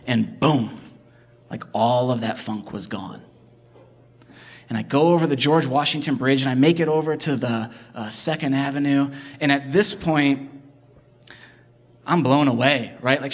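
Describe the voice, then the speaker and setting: A young man from the Midwest telling a personal story in an animated, excitable way, jumping from loud bursts to hushed asides and filling it with "like". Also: mid-range voice. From American Midwest. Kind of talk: personal story told live.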